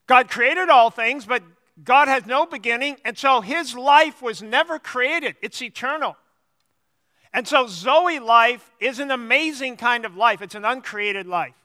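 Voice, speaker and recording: A man preaching a sermon as pastor, teaching slowly and repeating key words for emphasis. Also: very high voice, bright, forceful tone, clear, resonant tone, in a large hall.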